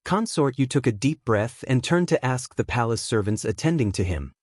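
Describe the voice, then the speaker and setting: A man reading an audiobook as its narrator, in an expressive storytelling way. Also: mid-range voice, normal speed, hardly any pauses, dry recording, studio quality. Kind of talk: scripted narration.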